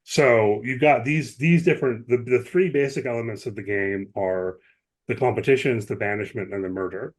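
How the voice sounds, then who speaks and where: A man's voice: mid-range voice, moderate pace. A man co-hosting a podcast, explaining at length in casual chat, with many asides and restarts. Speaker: podcast co-host.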